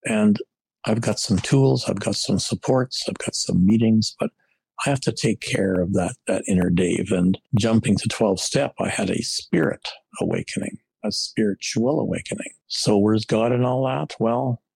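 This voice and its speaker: A man's voice: lowish voice, normal speed, vocal fry, darkish tone, breathy edge, no room sound, poor audio. A man in recovery telling his personal story candidly and reflectively, often restarting his sentences.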